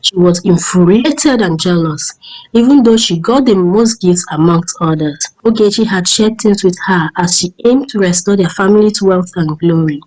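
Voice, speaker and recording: A woman narrating a folk tale in a steady, measured storytelling voice. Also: fairly low pitch, rough recording.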